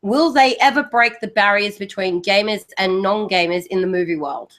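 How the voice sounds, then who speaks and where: A woman's voice: mid-range voice, moderate pace. An Australian woman hosting a podcast, chatting casually and ranting with playful indignation. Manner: animated, mock-indignant ranting. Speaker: podcast host. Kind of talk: casual chat.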